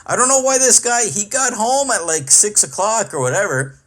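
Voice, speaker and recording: A man's voice: high-pitched, big pitch swings, moderate pace, a bit bright. Profane, exasperated ranting man. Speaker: podcast host and comedian. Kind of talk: comic rant monologue.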